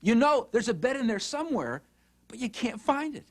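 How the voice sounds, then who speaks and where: A narrator giving a dramatic teaching talk, swinging between loud mock scolding and soft near-whispers. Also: medium pitch, big pitch swings, fairly quick.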